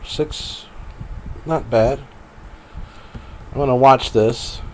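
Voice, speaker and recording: A man's voice: mid-range voice, very slow, darkish tone, a little hiss or hum. A man live streaming at his computer, rambling to himself with frequent laughs as he browses. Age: adult. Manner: meandering, talks to himself, laughs often.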